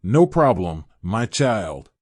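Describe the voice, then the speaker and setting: A man's voice: on the low side, sing-song, slow, no echo, studio quality, exaggerated voice. A man voicing a kindly old man in his eighties. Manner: gentle, elderly, given to hearty laughs.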